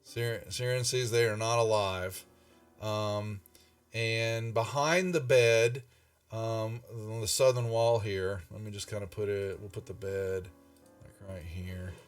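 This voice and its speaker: A man's voice: lowish voice, steady tone, takes it slowly, no echo, recorded from a distance, faint music behind. A man narrating a tabletop game as game master, rambling with many fillers and restarts.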